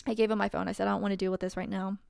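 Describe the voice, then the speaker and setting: A woman's voice: mid-range voice, little pitch movement, very fast, creaky, a little mellow, clean tone, no room sound, studio quality. A woman telling a personal story in a casual, wry way, full of fillers. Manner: chatty, wry, many fillers and laughs.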